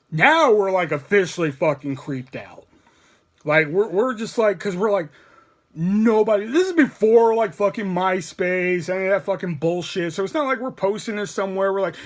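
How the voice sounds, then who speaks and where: A young man tells a story in a high, very animated voice. His pitch rises and falls a lot as he acts out the quotes. He rambles, restarts and swears freely. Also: normal speed. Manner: profane and rambling, with many restarts; animated retelling with acted quotes. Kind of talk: casual storytelling.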